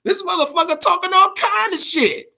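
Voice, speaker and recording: A man hosting a boxing talk show, ranting in a profane, casual way, stammering and swinging between a low grumble and loud outbursts. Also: normal speed, creaky. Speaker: boxing podcast host.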